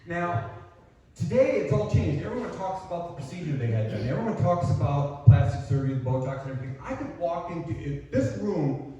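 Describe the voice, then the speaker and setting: A man's voice: on the high side, sing-song, brisk, mellow. An older man doing a self-deprecating stand-up comedy set, delivering punchlines on a small coffee house stage. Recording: echoey, distant, dull, noisy room recording. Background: audience laughter and room ambience.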